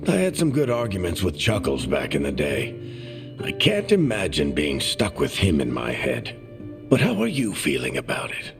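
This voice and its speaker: A wry dwarf storyteller. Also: male voice, very deep voice, huge pitch swings, normal speed, gravelly, over music, heavily acted. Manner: dry, teasing and fond. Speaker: companion character. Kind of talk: video game dialogue.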